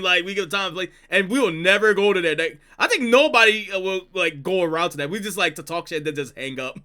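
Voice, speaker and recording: A man's voice: high-pitched, fast talker, few pauses, bright, forceful tone, clear, resonant tone. A man streaming, reacting to old prank calls with casual, laid-back commentary and chatty asides.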